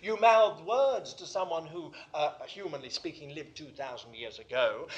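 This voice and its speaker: A man preaching a sermon to a congregation in a room, fervent, swinging from hushed asides to loud declarations. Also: fairly high pitch, normal speed, few pauses.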